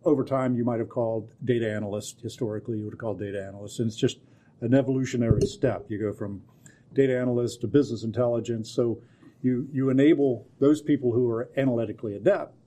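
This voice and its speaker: A man in his forties co-hosting a podcast, with deadpan humor, giving long explanations in casual chat. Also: medium pitch, fast. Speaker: co-host and technology partner.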